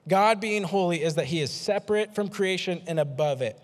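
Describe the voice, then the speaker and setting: A man preaching a sermon as a pastor, energetic and self-deprecating, repeating words for emphasis. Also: sits high, a little fast. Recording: long hall reverb.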